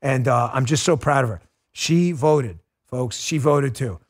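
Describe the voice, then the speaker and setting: A middle-aged man hosting a political talk show, speaking in an animated, emotional, exclamatory way. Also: medium pitch, measured pace. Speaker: podcast host.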